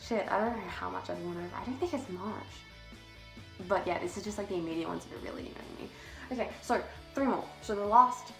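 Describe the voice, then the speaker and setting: A woman's voice: mid-range voice, a bit bright. Breathless teen girl ranting to camera, swears a lot, giggly, echoey room. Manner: chatty, swears casually, laughs often. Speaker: vlogger. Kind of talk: casual chat to camera.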